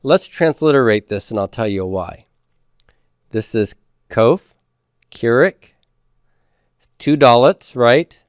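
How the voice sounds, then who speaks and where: A patient male teacher lecturing on grammar, stopping often to make sure the class is following. His voice is smooth and resonant at a middle pitch. The recording is dry and close. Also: lively intonation, slow pace, pauses often, no echo. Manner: patient, repeats key points, checks understanding with "okay?".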